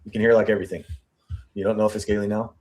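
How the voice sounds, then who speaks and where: A man with a fairly low, darkish voice and a flat delivery hosts a true crime show, analyzing an interview statement line by line. Reading quotes aloud and thinking as he speaks, he repeats and restarts phrases, his pace shifting between slow and rushed.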